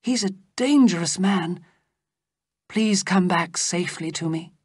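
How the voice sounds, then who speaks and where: A reader voicing a young princess in love for a storybook reading, speaking softly and half-whispered. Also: medium pitch, a little slow, husky, no echo, clean studio sound, pitched above the performer's own voice. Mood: anxious.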